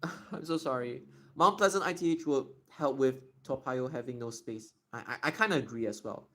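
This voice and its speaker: A young man streaming live, casually answering viewer questions in a chatty, explanatory way and slowly stretching out words to demonstrate them. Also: mid-range voice, a bit bright.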